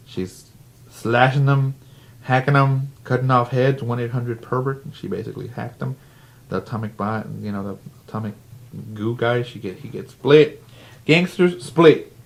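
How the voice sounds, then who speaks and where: A man who casually reviews a comic book, with plenty of fillers and restarts. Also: on the low side. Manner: chatty, filler-heavy, restarts.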